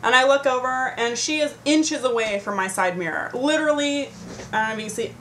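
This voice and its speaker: A woman's voice: high voice, a little fast, fairly bright tone, slight background noise. A woman telling a story to her computer camera at home in a casual, rambling, profane rant. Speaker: vlogger. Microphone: computer webcam mic.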